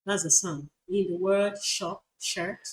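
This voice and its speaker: A woman's voice: on the low side, takes it slowly. A woman, teaching a university class on pronunciation and repeating example words with corrections. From Nigeria. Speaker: university lecturer. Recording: noisy recording.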